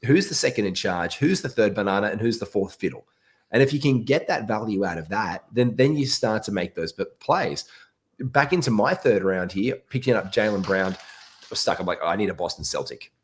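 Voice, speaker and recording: Male host, low voice, very animated, chatty and off the cuff. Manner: animated, quick asides and restarts. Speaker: podcast host. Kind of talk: casual fantasy sports chat.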